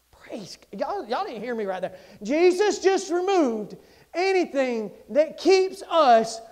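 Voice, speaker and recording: A male pastor preaching a sermon in a folksy, animated way, swinging from loud to hushed. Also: extremely high pitch, slow pace.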